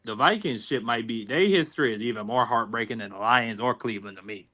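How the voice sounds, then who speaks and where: Blunt, profane mid-pitched man. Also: fast, bright, forceful tone. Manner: blunt, profane, mock-outraged banter. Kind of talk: casual sports talk.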